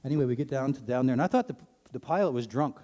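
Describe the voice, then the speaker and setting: A middle-aged man shares his faith testimony in a mellow, darker voice. He tells it earnestly, rising in pitch as the story grows intense. The sound carries a long reverb, as in a large hall. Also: very fast. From Ontario, Canada. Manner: earnest storytelling, voice climbing when he grows excited. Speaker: speaker sharing his testimony. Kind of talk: personal faith testimony to an audience.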